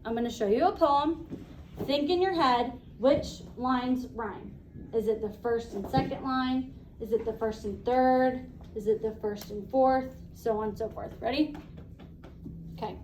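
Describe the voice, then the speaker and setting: Woman teacher, high voice, echoey classroom, brisk and encouraging. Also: a little mellow, recorded from a distance, a little hiss or hum. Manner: brisk, encouraging, asks questions.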